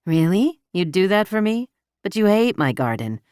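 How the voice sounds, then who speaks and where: A woman reading the part of an affectionate, playful young woman in a romance audiobook, lifting her voice into a bright, lilting lift. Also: mid-range voice, big pitch swings, normal speed, clean tone, no echo, studio quality, voice pushed up, lightly acted. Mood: touched.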